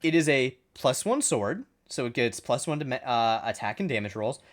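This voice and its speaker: A man acts as game master for a tabletop session, reading rules aloud and narrating events. His delivery is lively and swings widely in pitch, and it stays steady at a mid-range pitch. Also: moderate pace. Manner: animated, laughs often.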